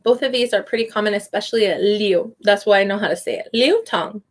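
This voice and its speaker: A young woman, an online English teacher, casually explaining how to pronounce names and sounding them out carefully. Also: mid-range voice. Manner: slow, careful, drawn-out name pronunciation. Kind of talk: casual live teaching chat.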